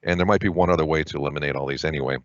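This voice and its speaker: A man with a very low voice talks through test grammar questions, trying out each answer choice half under his breath. The sound is dry and a little dull, like a desktop screen recording. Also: steady tone, very fast, dry recording. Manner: thinks aloud, mutters answer choices to himself. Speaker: test prep tutor.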